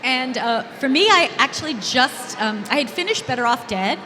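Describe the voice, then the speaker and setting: A woman on a convention panel, telling playful stories in an animated, laughing way. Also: sits high, normal speed. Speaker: panel guest. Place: large convention hall. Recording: echoey hall with background noise.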